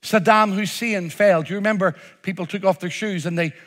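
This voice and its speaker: A man's voice: high-pitched, steady tone, brisk, fairly bright tone. A man preaching a sermon, emphatic, acting out the crowd's cries with a rising voice.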